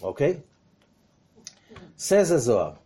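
The speaker is a man giving an energetic Torah lesson, full of rhetorical questions, his volume rising for emphasis and dropping to near whispers. He talks slowly at a medium pitch, over slight background noise.

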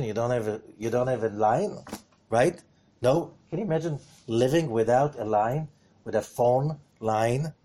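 A man of medium pitch leads a Torah lesson with animation, asking rhetorical questions and swinging between loud, stressed points and quiet asides.

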